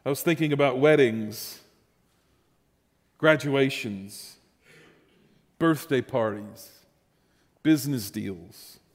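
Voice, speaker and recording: A man preaching a sermon, telling stories and swinging between loud and soft delivery. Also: medium pitch, slow, pauses often, in a large hall. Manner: animated storytelling with sudden loud and soft swings. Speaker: pastor.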